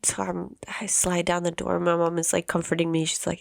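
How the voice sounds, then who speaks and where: A woman in her thirties, a podcast host telling a personal story in an emotional, halting way with many restarts. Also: on the low side, level tone, vocal fry, no room sound, studio quality. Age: 30s.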